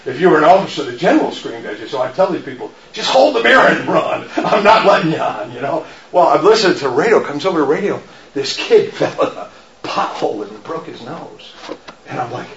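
A man's voice: mid-range voice, a little fast, crowd noise. Laughing man telling army stories. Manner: animated storyteller, laughs often, shouts in acted quotes. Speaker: speaker giving a faith talk. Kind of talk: storytelling talk to an audience. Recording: roomy, dull lo-fi sound.

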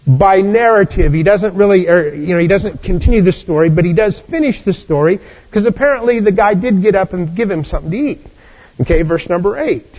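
High-pitched guy preaching, acts out the story bits, kinda dull lo-fi sound. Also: in a large hall. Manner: animated storytelling, acting out characters' lines. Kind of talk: sermon, Bible teaching. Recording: dull lo-fi recording.

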